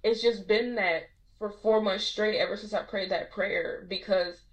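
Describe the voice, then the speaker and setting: A young woman speaking earnestly and warmly about her faith as a guest, filling her talk with "like". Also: medium pitch, fairly even intonation, unhurried, rough recording. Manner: earnest, heartfelt, frequent "like" fillers. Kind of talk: testimony in a casual podcast conversation.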